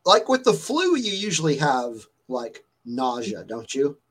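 A man's voice: medium pitch, sing-song, unhurried, breathy edge, rough recording. A man hosting a stream, telling a story in a rambling, chatty way full of fillers while still getting over a fever. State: recovering from a fever. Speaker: stream host. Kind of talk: casual chat.

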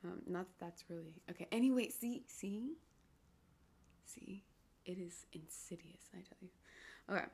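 A young woman talks through her solo podcast, wandering off topic and teasing herself, often sinking into a whisper. Her voice has a gravelly fry to it. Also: mid-range voice, a little mellow. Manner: digressive, self-mocking, drops into whispers. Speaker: podcast host.

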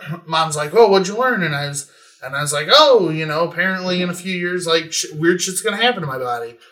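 A man telling a story in a relaxed group chat, animated and swearing casually. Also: fairly high pitch, fast.

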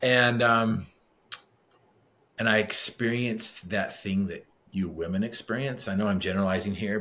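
A man's voice: deep voice, sharp tone. A middle-aged man, a podcast guest, telling a personal story in a conversational way and acting out the dialogue. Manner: vivid storyteller who acts out quoted dialogue.

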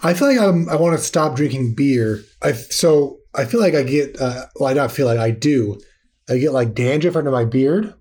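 A man's voice: medium pitch, lively intonation, moderate pace, a little mellow. A young adult man co-hosting a comedy podcast, chatting bluntly and with disbelief. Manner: incredulous, blunt, rambling. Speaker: podcast co-host. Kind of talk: casual comedic podcast chat.

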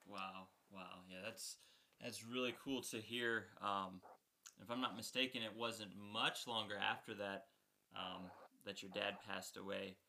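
Male interviewer, low, gravelly, very bright voice, hesitant phrasing. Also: fairly even intonation, measured pace. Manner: hesitant, searching for words. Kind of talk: interview questions.

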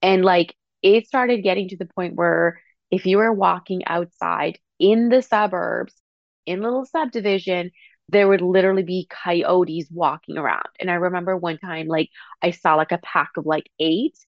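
A woman's voice: fairly low pitch, steady tone, moderate pace, dry recording, lo-fi sound. A woman hosting a podcast, telling a personal story in casual, chatty speech full of "like" and the odd swear word. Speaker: podcast host.

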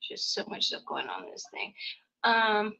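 A woman's voice: mid-range voice, very animated, moderate pace, gravelly, pushed and bright. A woman hosting a talk show, chatty and easygoing as she reads out listener questions. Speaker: radio show host. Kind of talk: casual chat. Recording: dull lo-fi audio.

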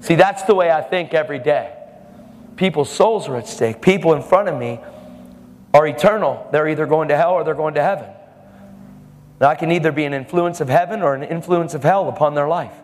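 A man's voice: on the high side, a little fast. A man preaching a sermon, telling a testimony story in a fervent, emphatic way. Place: church service hall. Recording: reverberant hall.

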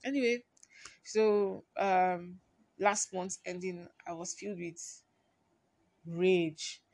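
A woman hosting her own podcast, talking through a personal story in a confiding way and often trailing off quietly. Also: lowish voice, fairly even intonation, slow pace, no room sound. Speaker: podcast host.

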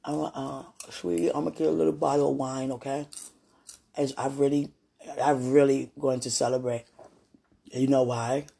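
Woman, husky casual monologue, prayerful then giggly, halting delivery. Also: extremely low pitch. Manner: prayerful, swings from hushed musing to giggling excitement; laughs often, talks in fits and starts. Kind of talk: casual spoken monologue to a loved one and to God.

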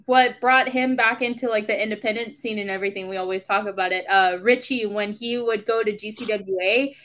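A woman's voice: mid-range voice, steady tone, brisk, a bit bright. A woman chatting casually and enthusiastically on a podcast, using slang like "bro".

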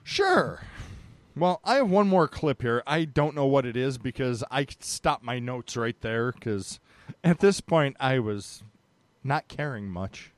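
A man's voice: medium pitch, big pitch swings, slow pace, no room sound. A man hosting a podcast, chatting casually and joking, with a rambling delivery full of fillers. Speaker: podcast host.

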